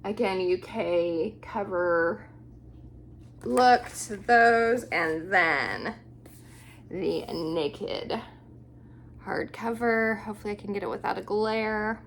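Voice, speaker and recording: A woman vlogger showing off a book haul, gushing and unhurried as she admires each book aloud. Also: medium pitch, a little hiss or hum. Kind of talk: casual book haul show-and-tell.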